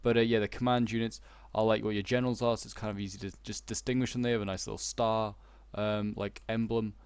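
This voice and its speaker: A man's voice: lowish voice, level tone, fast talker, a little mellow, clear, resonant tone, no echo. A young man with a Yorkshire accent giving casual, rambling gameplay commentary, full of fillers and restarts. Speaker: gaming YouTuber.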